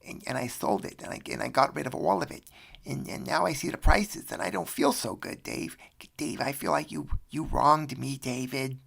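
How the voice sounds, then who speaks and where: A man's voice: mid-range voice, normal speed, creaky, a bit bright. A man voicing an older woman phoning a radio show with a whiny, stammering complaint. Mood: aggrieved.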